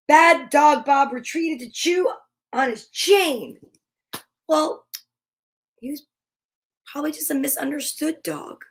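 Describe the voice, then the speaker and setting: A woman's voice: high voice, expressive, slow pace, long pauses. A woman hosting a storytime, reading a picture book aloud in a playful way with comic asides. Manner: playful, chuckling at her own reading. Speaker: storytime host.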